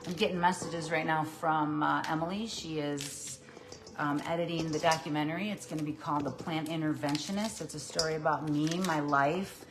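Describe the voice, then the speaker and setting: Upbeat, slightly low-voiced woman cooking live. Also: steady tone, moderate pace. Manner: upbeat and chatty, addresses viewers as "you guys"; talks while chopping and cooking. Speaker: plant-based nutrition coach. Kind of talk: casual cooking livestream. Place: kitchen.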